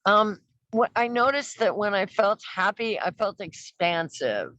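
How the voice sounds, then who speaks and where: A woman's voice: mid-range voice, expressive, unhurried, fairly bright tone, no echo. A woman participant sharing her experience on a group call, reflective and slightly hesitant. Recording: muffled call audio.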